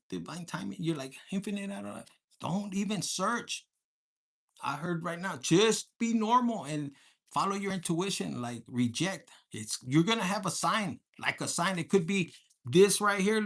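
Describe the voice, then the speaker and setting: Here's a tarot reader with a mid-range voice, offering an informal reading for the collective. She's animated, blunt, and profane, and Spanish words keep working their way into her speech.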